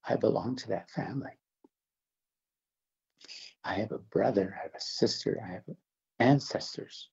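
Interviewed about his faith, an older man from the Navajo Nation in the American Southwest speaks haltingly and earnestly, restarting and repeating himself often. His voice is very low, dark in tone, with a husky, gravelly texture, captured on a somewhat dull, lo-fi recording.

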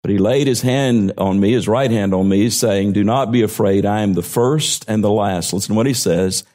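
A pastor preaching, reading scripture aloud and slowing down to stress key phrases. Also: male voice, fairly low pitch, a little mellow. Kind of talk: sermon.

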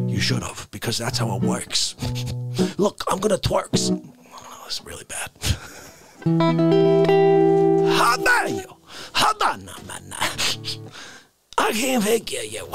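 A man doing an unscripted comedic rant. He rambles in mock outrage and laughs between lines. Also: high-pitched. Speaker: live-stream comedian.

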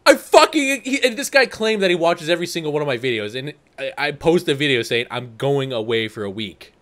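A man on a casual podcast chat who tells animated stories and swears freely. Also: medium pitch, fairly quick. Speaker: podcast co-host.

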